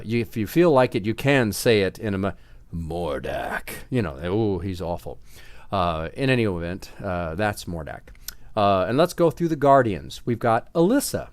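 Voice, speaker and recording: A man who writes fantasy novels, vlogging in a relaxed, chatty way with many fillers and a slight Southern US accent. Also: on the low side, no echo. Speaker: author vlogging about his books. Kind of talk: casual vlog talk.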